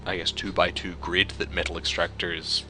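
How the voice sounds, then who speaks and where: A man commentating a strategy game he is playing, breaking from calm explanation into exasperated, swearing outbursts. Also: low-pitched, moderate pace. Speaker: let's play commentator. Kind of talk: gameplay commentary. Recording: game music behind voice.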